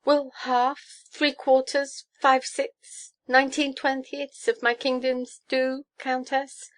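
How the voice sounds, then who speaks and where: A woman's voice: medium pitch, moderate pace, natural voice. A woman reading a storybook, voicing a flustered, desperate young king who gasps and stammers. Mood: frantic. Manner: gasping, stammering, frantic.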